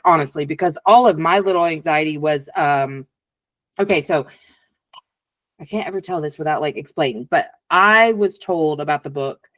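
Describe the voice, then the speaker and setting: A woman's voice: low voice, no echo. A woman in her forties hosting a podcast, talking candidly and acting out her own inner voices in casual conversation. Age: 40s. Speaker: podcast host.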